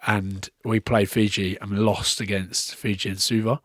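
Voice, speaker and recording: A man's voice: lowish voice, unhurried, dry recording. Swearing storytelling man, dry room. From Scotland. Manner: lively storyteller who swears freely and acts out quotes. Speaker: podcast guest, former rugby player. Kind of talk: casual chat.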